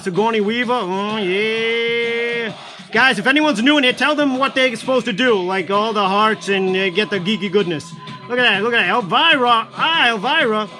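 A man chatting loudly and rambling to live-stream viewers as he shows off collectibles for sale. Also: very high voice. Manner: loud, rambling, talks to viewers while showing items. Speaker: livestream seller of collectibles. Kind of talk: casual live-stream chat. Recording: music playing behind. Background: background music.

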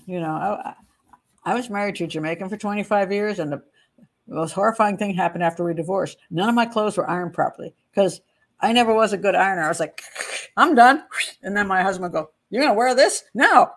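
A middle-aged woman with a lowish voice and quick pace hosts a true crime channel. She walks through a case file casually, reading statements aloud, wandering into digressions and laughing at her own asides.

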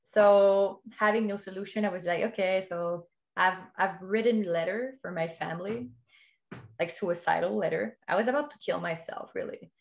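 A woman's voice: medium pitch, moderate pace, vocal fry. A woman who is not a native English speaker, telling her story as a podcast guest in a candid way, swearing freely and laughing often. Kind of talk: casual interview storytelling.

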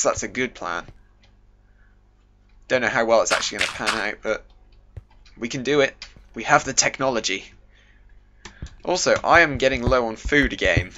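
A man's voice: fairly low pitch, noisy background. A young British man hosting a casual game commentary video, chatty and self-mocking, full of jokey asides. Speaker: gaming video host. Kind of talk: casual let's-play commentary.

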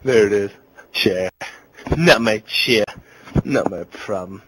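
A man's voice: on the low side, takes it slowly, a bit bright, husky, low-quality recording. A drunk young man in casual gaming chat, giggling and rambling in a slurred voice. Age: young adult. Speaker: gamer on voice chat.

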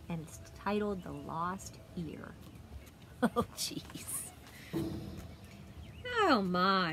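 A woman reading a children's chapter book aloud outdoors in a friendly, chatty way. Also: on the low side. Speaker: storybook reader. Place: outdoors by a fire. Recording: loud outdoor noise. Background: wind and a barking dog.

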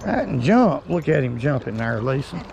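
A man's voice: mid-range voice, very animated, gravelly, a little mellow, dull audio, a little hiss or hum. A man hosting a casual fishing vlog outdoors by a creek, talking in a folksy way to his viewers. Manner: folksy, slow drawl, talks to viewers as folks. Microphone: chest-mounted camera.

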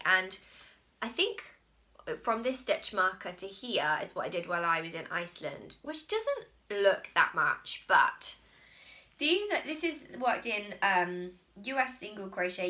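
Bright-voiced chatty woman. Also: medium pitch. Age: late 20s. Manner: chatty, rambling, laughs at own slips. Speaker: podcast host. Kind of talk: casual chat.

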